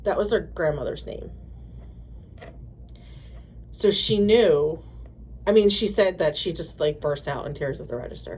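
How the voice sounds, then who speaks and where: A woman co-hosting a podcast, telling stories in a halting way with many restarts and acting out quoted voices. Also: low voice, slight background noise. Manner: animated storyteller, acts out quoted voices. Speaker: podcast co-host. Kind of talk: casual chat.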